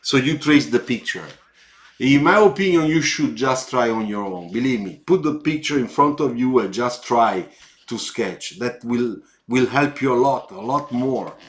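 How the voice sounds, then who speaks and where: A man with an Italian accent giving live feedback on car sketches, slow and halting, with encouraging asides. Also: medium pitch, expressive.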